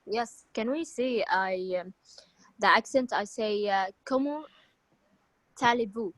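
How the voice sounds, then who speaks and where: A woman's voice: fairly high pitch, slow, fairly bright tone. A woman student in an online class, asking questions hesitantly. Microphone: video call.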